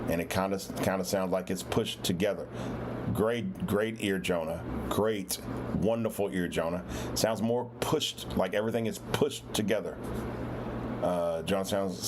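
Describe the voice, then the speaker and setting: Deep-voiced man teaching a live audio lesson. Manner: patient, repetitive, encouraging. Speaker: instructor. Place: indoor room with air conditioning. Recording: raw mic with air conditioner hum.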